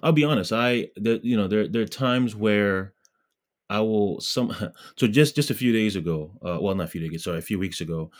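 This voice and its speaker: A Ghanaian man, a pro-life blogger appearing as an interview guest, speaks a little fast in a lowish voice. His casual talk is earnest and full of fillers and restarts.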